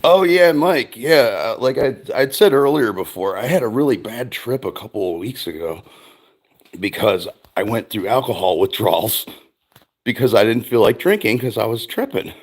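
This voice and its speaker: A middle-aged man talks loosely and at length, like he is chatting with viewers on his stream. His voice sits at a medium pitch. He swears freely, drifts from one thought to the next, and breaks into laughter often. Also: animated, normal speed, husky. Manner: rambling, profane, laughs often. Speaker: streamer host. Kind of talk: casual chat.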